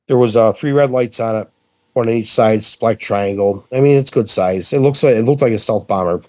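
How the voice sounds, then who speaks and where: A middle-aged man from central New York, telling a story as a podcast guest in a casual, animated way with frequent swearing. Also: medium pitch, a little fast, dry recording.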